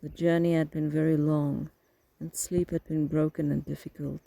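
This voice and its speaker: A man narrating an audiobook in a steady, flat reading with a gravelly rasp. His voice sits somewhat high but sounds dark and mellow, recorded dry and close with no room sound. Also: normal speed, no room sound, rough recording. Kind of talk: scripted narration.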